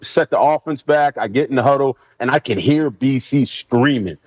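Animated former football player telling stories. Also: male voice, medium pitch, normal speed, breathy edge, no echo. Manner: animated, acts out quotes in raised voices. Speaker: former NFL player guest. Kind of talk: casual storytelling interview. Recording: dull lo-fi sound.

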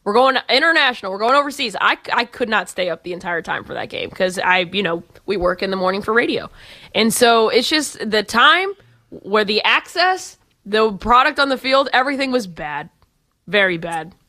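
A woman from Texas co-hosting a sports talk show, lively, chatty and emphatic. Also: mid-range voice, moderate pace, dry recording. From Austin, Texas. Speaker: radio sports co-host.

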